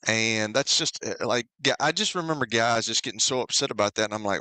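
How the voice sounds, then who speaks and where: A man co-hosting a sports radio show, animated, emphatic and joking. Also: fairly low pitch, brisk, few pauses, no room sound. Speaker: radio co-host. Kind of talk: casual sports radio banter.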